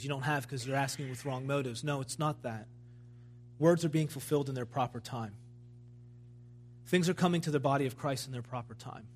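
A man's voice: mid-range voice, slight background noise. A man preaching a sermon at a church service, in a fervent, emphatic style that builds in intensity.

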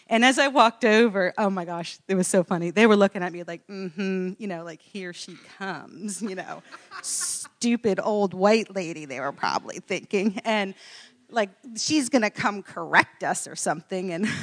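Animated, laughing woman storyteller. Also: medium pitch. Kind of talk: casual storytelling interview.

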